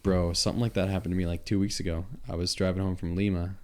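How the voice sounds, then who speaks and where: A young man with a thick Long Island accent sits in for a casual podcast chat. His voice sits on the low side as he spins animated, swear-filled stories. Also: fast talker. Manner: animated, profane storytelling. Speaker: podcast guest.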